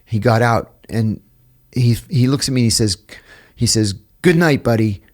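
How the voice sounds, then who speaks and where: Middle-aged American man, podcast guest, lively storyteller who acts out quotes; mid-pitched, casual interview. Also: normal speed. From United States. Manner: animated storyteller, acts out quoted voices, laughs at own stories.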